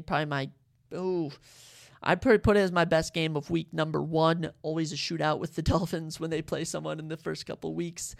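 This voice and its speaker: A podcast host giving sports picks in casual chat, excitable and rambling, often correcting themselves. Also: mid-range voice, vocal fry. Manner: excitable, fired-up fan talk; rambling, self-correcting asides.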